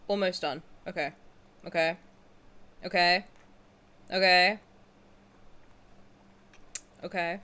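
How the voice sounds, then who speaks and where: A young woman streamer chatting casually and excitedly to her viewers, dramatic and joking crudely. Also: on the low side, unhurried, pauses often. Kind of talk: casual livestream reaction chat.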